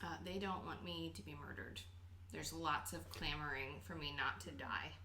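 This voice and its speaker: A woman's voice: low-pitched, moderate pace, pushed and bright. A young woman co-hosting a casual livestream and reading out viewer questions in a dry, teasing way.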